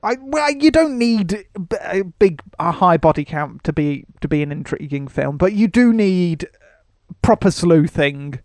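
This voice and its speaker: Gravelly-voiced man chatting. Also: high voice, expressive, unhurried, darkish tone, no echo, studio quality. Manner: rambling, laughs often, restarts sentences. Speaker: podcast host. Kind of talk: casual film-review chat.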